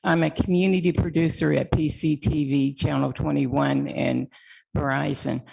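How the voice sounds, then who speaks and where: A woman's voice: sits low, fairly even intonation, normal speed, vocal fry, darkish tone, breathy edge, rough recording. A woman, a community TV producer, telling a chatty story at a council meeting and acting out the quoted voices. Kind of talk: public comment storytelling.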